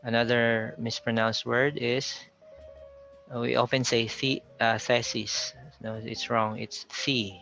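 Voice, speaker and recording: A man with a Filipino accent teaching a pronunciation lesson, slowly repeating words to contrast how they sound, with faint music behind him on a lo-fi recording. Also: mid-range voice, little pitch movement, gravelly, a bit bright. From Philippines.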